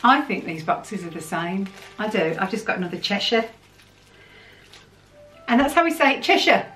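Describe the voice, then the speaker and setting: A woman from the United Kingdom, chatting excitedly as she unboxes things for her channel. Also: mid-range voice, moderate pace, soft background music. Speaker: vlogger. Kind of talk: casual chat while unboxing. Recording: roomy sound from a distant mic.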